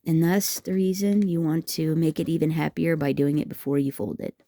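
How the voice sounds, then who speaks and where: A woman's voice: deep voice, steady tone, fairly quick, warm tone. A woman hosting a craft tutorial, chatting and rambling to her viewers as she works, teasing herself along the way. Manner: rambling, talks to viewers as "guys", self-teasing. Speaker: craft video host.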